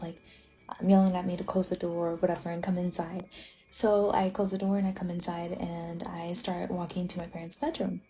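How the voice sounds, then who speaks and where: A woman's voice: mid-range voice, darkish tone. A young adult woman from Illinois telling a personal ghost story in a casual, rambling way, full of filler words.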